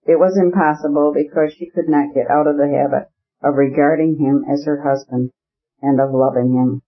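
A man reading a classic novel aloud as an audiobook narrator, steady and measured, in a muffled lo-fi recording. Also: fairly high pitch.

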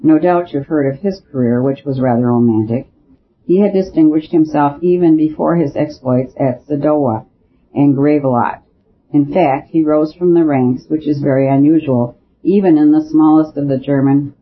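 A man's voice: fairly high pitch, normal speed, lightly acted. A man voicing the priest's blunt, gloomy friend, who explains things in a matter-of-fact way. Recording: dull lo-fi recording with faint hiss.

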